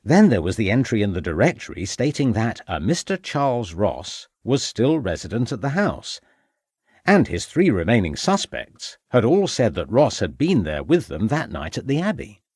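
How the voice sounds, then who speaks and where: A man reading a crime novel aloud as audiobook narrator, measured and formal, on a close studio mic. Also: medium pitch, big pitch swings, a little mellow, slightly rough, no room sound. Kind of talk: scripted narration.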